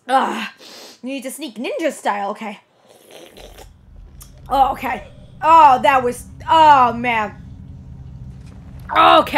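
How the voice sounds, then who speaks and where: A woman's voice: high-pitched, a bit bright, slight background noise. A woman hosting a horror game let's play, jumpy and often screaming and repeating herself as she comments.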